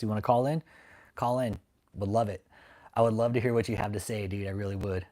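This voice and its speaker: A man's voice: fairly low pitch, steady tone, fast, warm tone. A man hosting a livestream, ranting at his critics and reading chat in a profane, mocking, confrontational way. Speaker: livestream host. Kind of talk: casual livestream rant.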